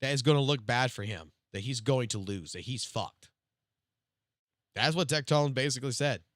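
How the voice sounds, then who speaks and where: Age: young adult. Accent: South Louisiana Cajun. Tone: loud, profane rant. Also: male voice, normal speed, no room sound, studio quality. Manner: loud, emphatic and profane, swinging between loud and low-key. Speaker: live streamer. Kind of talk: casual stream rant.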